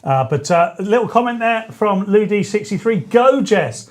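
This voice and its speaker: A man, hosting a live-stream show in a chatty, joking way with quick asides. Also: high voice, animated. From England. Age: 40s. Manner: chatty, jokey, self-correcting asides. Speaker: show host. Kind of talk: casual live-stream chat.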